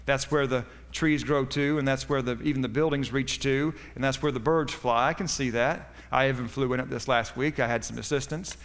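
A man's voice: mid-range voice, fairly even intonation, brisk, few pauses, a bit bright, big-room sound. A man preaching a sermon as pastor, with a folksy, joking delivery that rises for punchlines.

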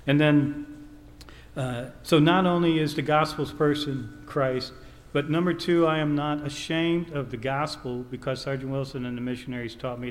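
A man's voice: on the high side, normal speed. A man preaching a sermon, telling a family story and quoting scripture in an earnest way. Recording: reverberant hall, faint background noise.

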